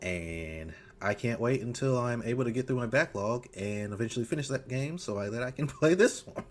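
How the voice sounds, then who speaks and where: A man's voice: medium pitch, animated, brisk. A man co-hosting a casual podcast in a laid-back, easygoing way, chuckling often. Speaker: podcast co-host. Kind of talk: casual chat.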